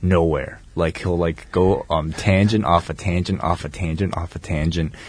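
A man in his thirties co-hosting a casual podcast chat, with a calm, monotone, rambling delivery. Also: low-pitched, normal speed. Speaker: podcast co-host.

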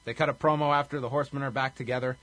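Male host, husky tone, detailed casual recap. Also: mid-range voice, steady tone, rapid-fire, a bit bright. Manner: recaps events in detail, briefly acts out quotes. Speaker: podcast host. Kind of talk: casual chat.

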